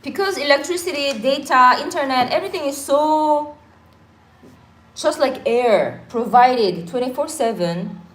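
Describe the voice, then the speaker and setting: A Korean woman whose first language is Korean co-hosts a casual livestream chat from home during a power cut, her voice sitting high, animated and evenly paced. She sounds reflective and earnest, slipping pidgin phrases into her talk, and the room gives her a roomy echo.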